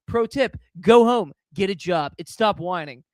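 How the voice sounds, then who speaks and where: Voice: mid-range voice, lively intonation, unhurried, no room sound, clean studio sound. Giggling streamer reading posts aloud. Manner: breaks into frequent laughter while reading posts aloud; slangy and loose, says dude and man. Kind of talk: casual reaction commentary.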